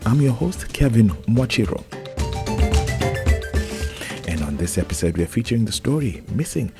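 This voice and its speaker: Male podcast host, deep voice, formal welcoming intro delivered over clear music. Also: very animated, normal speed. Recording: intro music playing under the voice.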